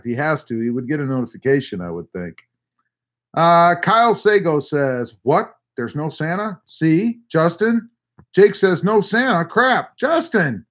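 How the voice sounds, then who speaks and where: This is a man casually hosting a live stream, reading viewers' comments aloud and chatting back. His voice sits a little high for a man. He is easygoing and friendly, often calling people "man" and "buddy.".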